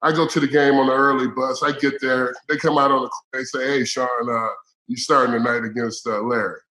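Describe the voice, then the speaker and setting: A man's voice: medium pitch, brisk. A man from Indiana, a former pro basketball player, telling anecdotes as a guest in a casual interview, laughing often. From Indiana, USA. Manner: laughing, animated anecdote-teller.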